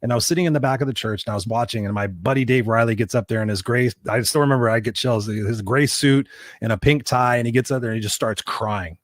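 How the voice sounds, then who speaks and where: A man guest on a podcast who tells his story at a brisk clip. He is emphatic and keeps turning to address his listeners. His medium-pitched voice sits dry and close to the microphone. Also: no echo. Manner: emphatic, speaks straight to listeners. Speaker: guest, motivational coach. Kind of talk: storytelling interview talk.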